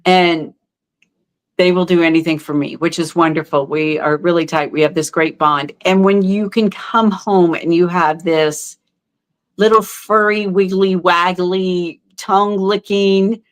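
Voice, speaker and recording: A middle-aged woman telling her own story as a podcast guest, heartfelt and halting, with many fillers and restarts. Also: on the low side, steady tone. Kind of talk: candid interview storytelling.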